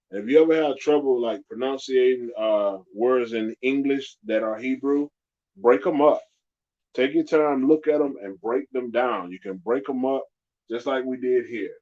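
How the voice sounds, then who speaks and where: Man slowly drilling letter sounds. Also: medium pitch, a little mellow, highs cut off. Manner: slow, drawn-out pronunciation drills; patient, repeats sounds over and over. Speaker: teacher. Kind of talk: live-streamed alphabet lesson.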